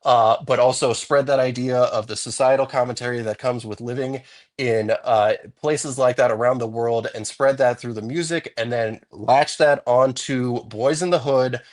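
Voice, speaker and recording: A man in a casual chat, measured and thoughtful, making long run-on points. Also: mid-range voice, fairly even intonation. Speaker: co-host.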